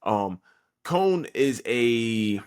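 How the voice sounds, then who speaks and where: A man's voice: mid-range voice, animated, extremely slow, smooth. A tired man hosting a podcast, recapping an anime episode in a rambling, profane way with lots of fillers. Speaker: podcast host.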